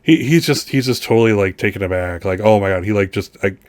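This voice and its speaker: A man with a low voice runs a tabletop game, narrating in loose, halting runs full of restarts. He sits close to a dry, dead-sounding mic. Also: no echo. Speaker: game master.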